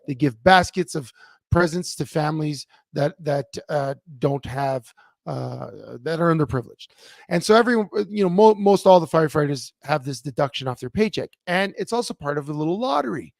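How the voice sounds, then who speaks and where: Man co-host, animated storyteller, slightly high voice, dry sound. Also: normal speed, vocal fry, dry recording. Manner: animated storyteller, many fillers and restarts. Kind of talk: casual sports talk show chat. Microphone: remote computer mic.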